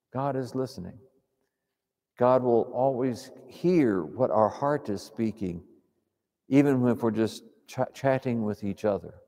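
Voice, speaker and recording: A man teaches a congregation in a calm, reflective sermon, talking through prayer like he's chatting with friends. His voice is gravelly and mellow. The sound hangs in a long hall reverb. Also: fairly low pitch. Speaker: preacher.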